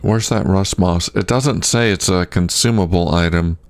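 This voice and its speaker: A low-voiced man hosting a let's play, talking through the game casually and thinking aloud. Faint music runs underneath. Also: normal speed, no echo. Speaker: gaming channel host.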